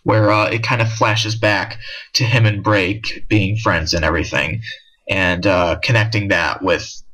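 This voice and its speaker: Bright-voiced young man rambling about comics. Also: fairly low pitch, steady tone, a little slow, low-quality recording. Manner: rambling, frequent restarts and fillers. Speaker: manga discussion vlogger. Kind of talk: casual spoken review.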